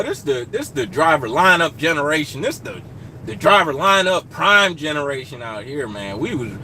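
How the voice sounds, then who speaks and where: A young man streaming live from his truck cab, chatting casually and joking with viewers, hollering shout-outs into a phone. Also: a little high, a little hiss or hum.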